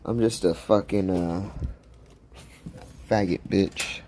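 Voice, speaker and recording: A man's voice: low voice, fairly even intonation, takes it slowly, mellow, a little hiss or hum. A young man hosting a casual livestream chat, loose and profane, rambling and laughing while he drinks beer. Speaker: livestream host.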